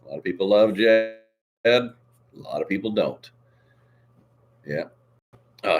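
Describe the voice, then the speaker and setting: Hoarse male stream host, very low voice, lively swings in pitch, faint noise behind. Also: unhurried, long pauses. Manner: showy, reads out viewer comments. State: hoarse, coughing. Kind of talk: casual live stream chat.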